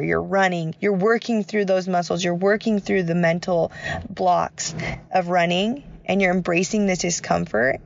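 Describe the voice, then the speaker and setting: A woman yoga teacher talks casually and earnestly, coaxing her listeners to face hard things. Her voice has a gravelly, creaky texture at a mid pitch. The sound is close and dry, with a slightly muffled, dull quality. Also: no echo. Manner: earnest, encouraging, addresses listeners as "you guys". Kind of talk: casual motivational talk.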